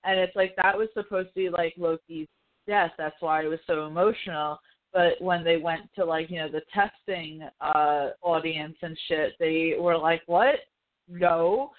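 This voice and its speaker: A woman with a low-pitched, steady voice and a moderate pace hosts a podcast, heard through tinny, phone-like call audio. She chats casually about films, swearing freely and acting out quotes in a relaxed pop-culture conversation.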